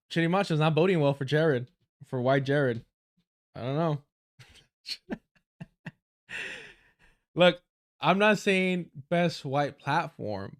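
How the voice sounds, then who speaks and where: A man hosting a livestream, reacting to clips with sarcastic, profane ranting and frequent laughter. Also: mid-range voice. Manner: mocking, laughs often. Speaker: livestream host. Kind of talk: live commentary reacting to clips.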